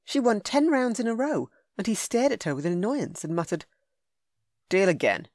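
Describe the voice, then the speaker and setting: A woman narrating a romance audiobook in a smooth, measured, intimate way. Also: on the high side, big pitch swings, warm tone, dry recording, clean studio sound. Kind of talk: scripted narration.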